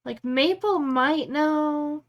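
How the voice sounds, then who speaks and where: A woman with a slightly high-pitched voice talks loosely to her viewers. She rambles and thinks aloud, with lots of easy, chatty asides. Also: very slow, lo-fi sound. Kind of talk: casual live-stream chat.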